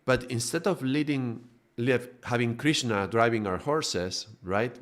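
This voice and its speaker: A man's voice: mid-range voice, unhurried. A man giving a live spiritual talk, building extended metaphors and often checking in with tag questions. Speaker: spiritual teacher.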